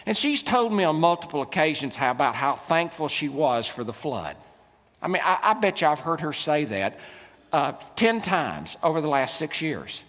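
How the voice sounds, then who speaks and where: A middle-aged man delivers a keynote sermon, his fairly high voice leaping up and down as he jokes and tells stories. He moves from quiet asides to loud, pressing lines. His voice rings out in a large hall with a long reverb. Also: normal speed. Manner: humorous, animated storytelling with swings in loudness. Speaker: keynote speaker and preacher.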